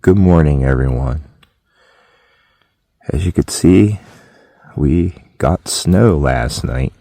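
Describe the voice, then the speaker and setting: A man talking to the camera in a relaxed, plainspoken morning camp vlog at a snowy mountain campsite. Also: extremely low pitch, slow pace, creaky, no echo. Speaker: vlogger.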